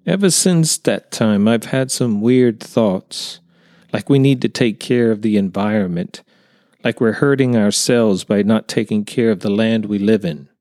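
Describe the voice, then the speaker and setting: A man's voice: fairly low pitch, measured pace, darkish tone, dry recording, studio quality, close to an everyday voice. A man voicing an earnest young contractor who tells his story hesitantly in a storybook reading. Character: earnest younger male contractor, unsettled by a sighting.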